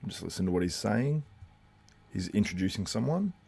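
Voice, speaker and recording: A man with a notably deep, low voice hosts a live watchalong. He talks in a loose, rambling way, full of fillers, and keeps breaking off to answer viewers' comments. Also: big pitch swings, moderate pace, creaky, a little mellow, husky. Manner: chatty, reacts to viewer comments. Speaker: host.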